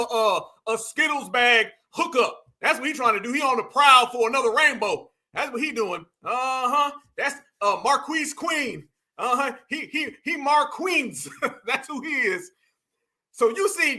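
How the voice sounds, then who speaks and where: A man hosting a commentary vlog, animated and mocking, laughing often as he talks. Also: very high-pitched. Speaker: host.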